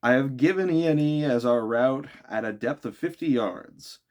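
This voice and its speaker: A man voicing a cool, reserved male submarine captain who speaks in a formal, measured way in an audiobook reading. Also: mid-range voice, darkish tone, close to an everyday voice.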